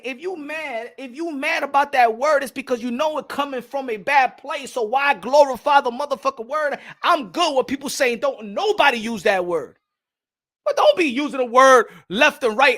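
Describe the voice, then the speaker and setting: A man's voice: extremely high pitch, a bit bright. A man from New York with a New York accent, talking in a loose, profane, laughing monologue as a boxing channel host. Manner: loose, swearing, laughing often.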